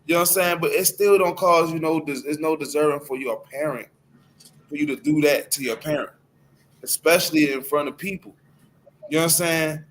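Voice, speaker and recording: A man's voice: fairly high pitch, a little fast, a bit bright, a little hiss or hum. A man leading a casual scripture discussion, loose and emphatic, peppering his speech with "hey" and "man". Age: adult. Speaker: class speaker.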